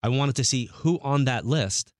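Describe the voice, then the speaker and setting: A middle-aged man, appearing as a guest medium, tells long stories in casual conversation with a mid-range voice at normal speed. He's an animated storyteller who acts out the people he quotes, and the audio is studio quality with no echo.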